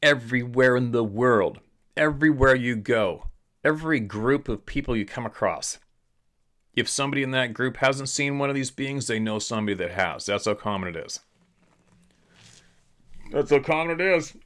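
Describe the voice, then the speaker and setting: This British Columbia host works as a hunting and fishing guide, and his mid-range voice moves at normal speed with a slightly bright edge. Reading a viewer letter aloud, he rambles casually, blunt and full of opinions.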